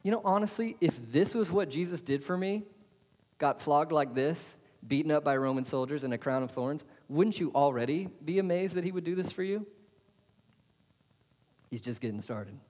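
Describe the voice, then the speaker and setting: A man's voice: on the high side, moderate pace, darkish tone. Preacher man with long hall reverb. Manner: asks the crowd questions, then answers them with emphasis. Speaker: pastor. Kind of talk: sermon.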